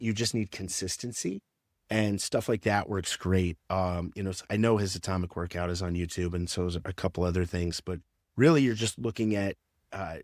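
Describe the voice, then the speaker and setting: A man's voice: low voice, dry recording, studio quality. A man who works as a strength and conditioning coach, explaining training in a casual podcast interview with lots of fillers.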